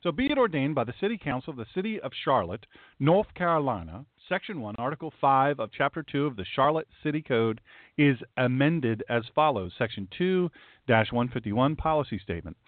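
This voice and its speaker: A man's voice: mid-range voice, expressive, brisk, dry recording. A man, a pastor doing political commentary, reads legal text aloud with emphatic, indignant asides. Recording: tinny phone-like dry sound.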